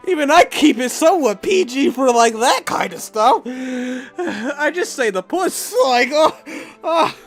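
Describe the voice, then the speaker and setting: Man commentating a game; loud, profane, giggly, very animated. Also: extremely high pitch, measured pace, faint music behind. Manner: laughing, swearing, loud asides. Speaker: gaming video creator. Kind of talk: let's play commentary.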